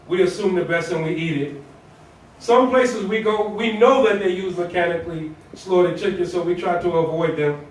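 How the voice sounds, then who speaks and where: A man giving a Friday sermon as imam, preaching in a colloquial, conversational way with rhetorical questions and repetition. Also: sits high. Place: mosque prayer hall. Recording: echoey hall, voice from far off.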